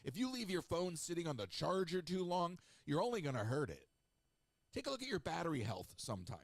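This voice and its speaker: A middle-aged man hosting a radio show, chatting in a snarky, rambling way with lively asides. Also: on the high side, a little fast, gravelly, no room sound. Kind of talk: casual solo radio talk.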